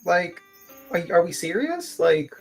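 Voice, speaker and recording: A speaker in a casual chat sounds incredulous, with a lively, varied pitch as they question a purchase. Faint music plays underneath. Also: a little slow. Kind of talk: casual chat in a played clip.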